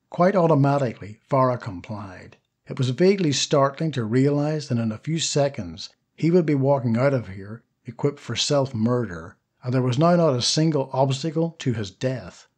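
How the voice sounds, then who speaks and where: A man narrating a short story as an audiobook, steady and even. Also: medium pitch, normal speed, hardly any pauses, husky. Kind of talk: scripted narration.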